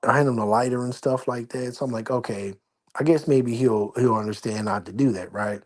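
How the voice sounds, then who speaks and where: A faint hiss or hum sits under this man's brisk, mid-range voice as he hosts a casual livestream chat. At home in his apartment, he rambles in slang and keeps his voice low.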